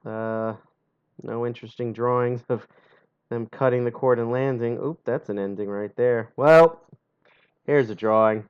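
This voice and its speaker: A man's voice: mid-range voice, steady tone, measured pace, smooth, lo-fi sound. A young man on a live stream reading a gamebook aloud, full of sarcastic asides and frequent laughs, in a home streaming setup.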